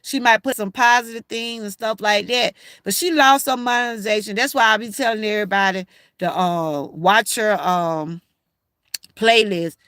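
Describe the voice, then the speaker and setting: A folksy older host with a Southern Georgia accent addresses her livestream viewers directly and casually. Her mid-range voice is fairly bright, clear and resonant at a normal speed, captured in a dry, studio-quality recording.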